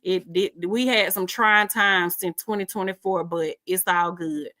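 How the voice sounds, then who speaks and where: A woman's voice: lowish voice, steady tone, unhurried, bright, forceful tone, dry recording, clean studio sound. A middle-aged woman hosting a casual live stream, reading out viewer comments in a chatty, informal way and laughing often.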